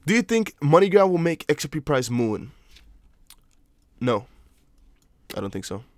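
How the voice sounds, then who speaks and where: A young adult man, not a native English speaker, hosts a casual crypto live stream with a slightly high voice and studio-quality sound free of room echo. He chats loosely, answering viewer comments with restarts and apologetic asides.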